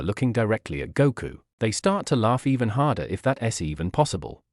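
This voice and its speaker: Guy reading fanfic out loud, super up and down delivery, dry sound. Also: medium pitch, no echo. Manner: animated storytelling. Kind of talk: reading fan fiction aloud.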